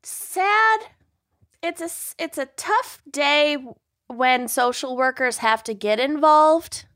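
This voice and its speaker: A woman's voice: sits high, slow, fairly bright tone, no room sound, clean studio sound. A woman from Minnesota co-hosting a podcast, frank and blunt, swearing casually. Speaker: podcast co-host. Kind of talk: casual chat.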